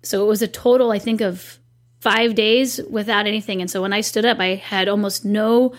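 Here a thirty-something businesswoman, interviewed informally as a guest, tells a personal story with animated, talkative energy. Her voice is medium in pitch and moves at a moderate pace.

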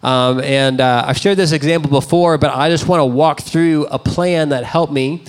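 A man's voice: fairly high pitch, fairly even intonation, normal speed, clean tone. A man in his thirties, a pastor, preaching a sermon in a conversational, self-deprecating storytelling way. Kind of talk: sermon with personal stories.

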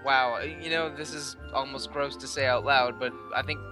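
A man's voice: medium pitch, fairly even intonation, moderate pace, music in the background. A man co-hosting a casual game podcast, chatty and making wry asides. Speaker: podcast co-host.

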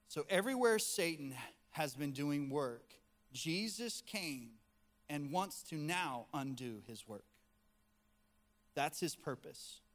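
A male pastor preaching a sermon to a congregation in an animated, conversational way. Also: on the high side, takes it slowly. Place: room with a congregation.

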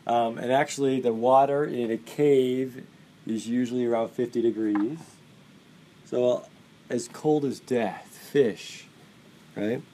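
A man's voice: a little high, mellow. Enthusiastic male English teacher. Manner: enthusiastic, asks the class questions. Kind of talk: classroom lecture. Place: classroom.

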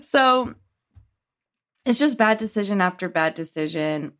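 A woman co-hosting a podcast, casually recapping a film in a rambling, animated way, quoting characters and swearing freely. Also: mid-range voice, measured pace. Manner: rambling, animated retelling with quoted voices and swearing. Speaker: podcast co-host.

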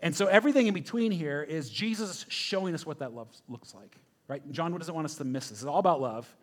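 With a slightly high, animated voice and a somewhat fast pace, a pastor preaches conversationally and emphatically. He keeps checking in with his listeners, dropping in "right?" again and again.

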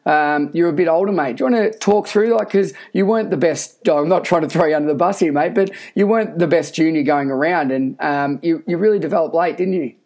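A man's voice: a little high, fast talker, hardly any pauses, a little mellow. A man with an Australian accent hosting a podcast interview, upbeat and chatty, calling his guest "mate" and using plenty of fillers. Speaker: podcast host. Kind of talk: casual interview chat.

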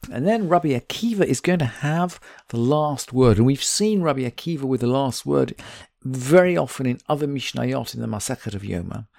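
Gravelly man teaching a Mishnah text. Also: medium pitch, a little mellow, no echo, clean studio sound. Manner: reads Hebrew text slowly, then explains in plain English. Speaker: Talmud teacher. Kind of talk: text study lesson.

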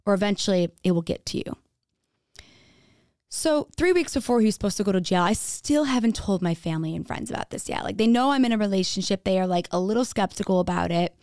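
A woman's voice: mid-range voice, expressive, quick pace, darkish tone, no room sound, studio quality. A woman telling her own story on a podcast, frank and casual, swearing freely and saying "like" often. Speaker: podcast speaker. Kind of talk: candid personal storytelling.

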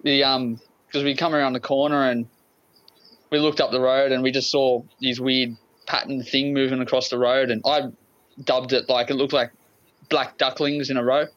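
A man's voice: mid-range voice, little pitch movement, normal speed, fairly bright tone. Australian guy, laid back, mid voice, dull muffled recording. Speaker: guest. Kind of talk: casual chat.

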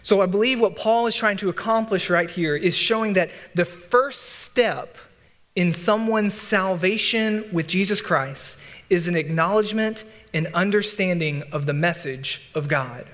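A man's voice: sits high, unhurried, a bit bright, long reverb tail. A man teaching through a Bible passage in a conversational way, with restarts and casual asides. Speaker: pastor.

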